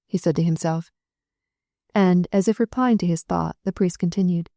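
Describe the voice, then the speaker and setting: Mellow, low-voiced woman narrating. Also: moderate pace, no echo, clean studio sound. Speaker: audiobook narrator. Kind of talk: scripted novel narration.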